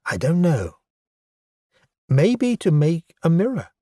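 Proud, eager goblin science officer, voiced by a male narrator; higher, excitable storybook voice, dry booth. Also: takes it slowly, no room sound, full character voice. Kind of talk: audiobook character voice.

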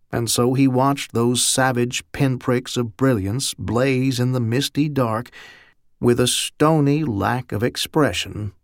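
A man giving steady, measured audiobook narration on a close studio mic. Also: medium pitch, gravelly, no room sound.

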